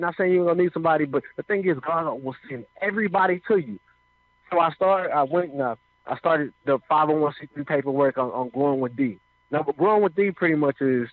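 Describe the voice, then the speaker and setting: A man's voice: on the high side, dry recording. A man telling his life story in a casual, conversational way, often asking "you know what I mean". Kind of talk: casual personal testimony. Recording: dry, phone-like radio sound.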